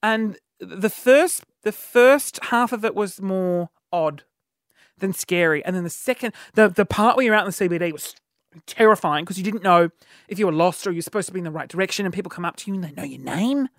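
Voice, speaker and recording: A man's voice: sits high, fairly quick, fairly bright tone, no echo. Cheeky rambling man, dry sound. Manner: rambling, cheeky, many fillers and restarts. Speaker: podcast host. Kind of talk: solo podcast storytelling.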